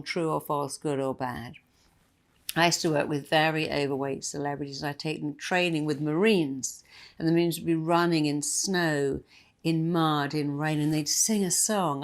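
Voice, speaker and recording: A woman giving a motivational talk, emphatic and repeating key phrases for effect. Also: low voice. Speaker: motivational speaker.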